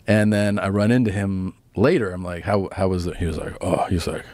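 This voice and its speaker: A man's voice: sits low, steady tone, a little fast, a little mellow, dry recording, clean studio sound. A man on a podcast telling rambling anecdotes in casual chat and acting out the quotes. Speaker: podcast guest.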